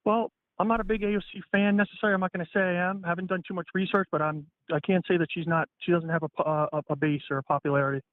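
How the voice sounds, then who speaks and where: A man from the Bronx calling in to a political talk show, speaking fast in a friendly, casual way. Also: high voice, fairly even intonation, no room sound. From the Bronx, New York. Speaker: caller. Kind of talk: phone call-in conversation. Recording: tinny phone line.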